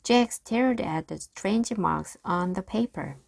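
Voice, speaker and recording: A woman reading a children's chapter book aloud, slow and expressive. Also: mid-range voice, gravelly, no room sound. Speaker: reader.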